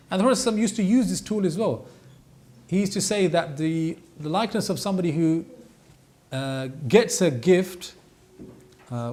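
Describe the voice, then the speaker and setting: Animated man teaching a lesson. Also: on the high side. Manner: animated, mimics voices, recites Arabic verses. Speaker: Quran teacher. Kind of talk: lecture on Quranic advice.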